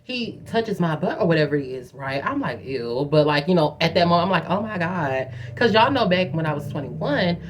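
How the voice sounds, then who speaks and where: A woman telling a personal story to her viewers in a chatty, profane, animated way, often calling them "girl". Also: fairly low pitch, brisk, few pauses, slight background noise. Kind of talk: casual storytime monologue.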